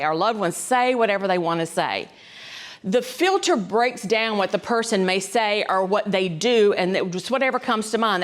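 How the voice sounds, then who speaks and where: A woman, a dementia specialist giving a folksy, conversational talk to caregivers, often checking in with "right?". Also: medium pitch. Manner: conversational, folksy, frequent ums and asides, keeps checking in with "right?".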